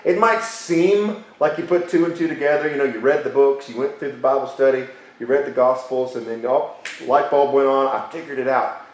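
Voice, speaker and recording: Emphatic pastor in a very echoey hall. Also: male voice, mid-range voice, a little mellow. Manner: emphatic, repeats key phrases, slows for stress. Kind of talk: sermon. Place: church sanctuary.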